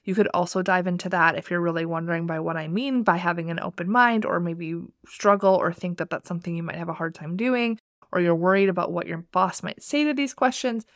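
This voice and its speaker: With a lowish voice and a brisk pace, the career podcast host, a woman who works as a career coach, talks directly and with upbeat motivation through her scripted intro and solo segment. The recording is dry and clean, with studio sound.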